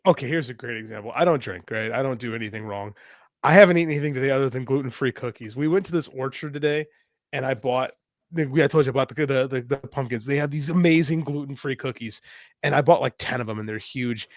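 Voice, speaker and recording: A man's voice: mid-range voice, fast talker, no echo, studio quality. A man co-hosting a podcast, chatting in a blunt, wry, profane way. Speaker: podcast co-host. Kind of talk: casual chat.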